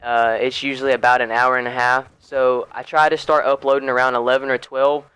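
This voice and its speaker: Laid-back young man, smooth clear voice. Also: medium pitch, flat delivery, a little fast, fairly bright tone, no room sound, low-quality recording. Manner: rambling, with many fillers and restarts. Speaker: gaming YouTuber. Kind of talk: casual gameplay commentary.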